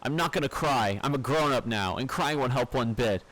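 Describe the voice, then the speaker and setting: A man's voice: medium pitch, normal speed, fairly bright tone, pitched above the performer's own voice, close to an everyday voice, rough recording. A man puts on a small summoner girl with a raised, lifted voice, proud and stubborn. She insists she is a grown-up and speaks with earnest fret, and the lines come across as game dialogue read aloud.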